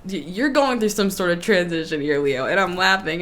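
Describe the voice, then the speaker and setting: A woman giving a casual tarot reading to camera, chatty and quick to laugh, with lively emphasis. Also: fairly low pitch, a little hiss or hum. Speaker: tarot reader.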